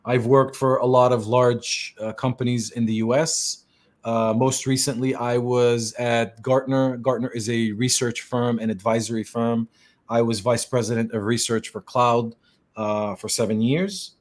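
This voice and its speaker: A man's voice: mid-range voice, level tone, measured pace. A middle-aged man from Lebanon, hosting a podcast and chatting in an easygoing way, with lots of fillers and restarts. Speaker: podcast host and tech consultant. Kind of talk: casual podcast chat.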